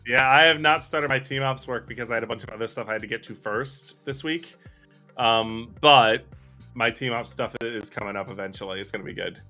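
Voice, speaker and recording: A man's voice: medium pitch, a little fast, sharp tone, soft background music. A man co-hosting a live coding stream, chatting casually and thinking aloud in a self-deprecating way.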